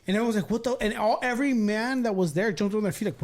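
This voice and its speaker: A man with a high voice talks fast as he hosts a podcast in loose casual chat. He tells animated stories, swears freely and acts out what people said. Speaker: podcast host.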